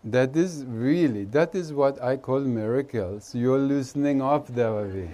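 A man's voice: medium pitch, a little slow, mellow. A man with an Indian accent, a spiritual teacher giving an informal, teasing talk to a gathering and laughing often. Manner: chatty, teasing, laughs often, nonnative grammar.

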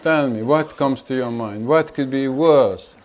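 A man speaking as a spiritual teacher to an audience, calm and gentle at times, teasing and laughing at others. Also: mid-range voice, a little slow, rough recording. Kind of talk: addressing an audience at a gathering.

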